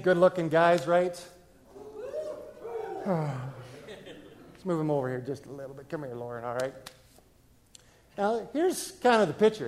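A man, preaching a sermon to a congregation in a relaxed, conversational way, often asking them questions. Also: fairly high pitch. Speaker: pastor. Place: church, in front of a congregation.

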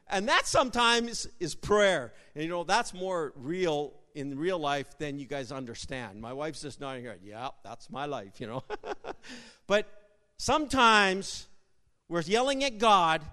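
A man with a high voice preaches in a church, telling jokes as he goes. He stumbles and repeats words, then bursts out loud now and again. His voice rings out in a long, echoing hall. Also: lively intonation, slow. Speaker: pastor. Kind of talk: sermon with jokes. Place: church sanctuary.

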